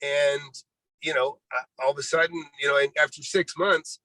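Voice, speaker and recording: A man's voice: on the high side, steady tone, normal speed, bright, forceful tone, no echo, rough recording. Rambling older man telling his story. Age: 60s. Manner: rambling, full of "you know", acts out quoted dialogue. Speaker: real estate investor guest. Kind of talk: storytelling interview.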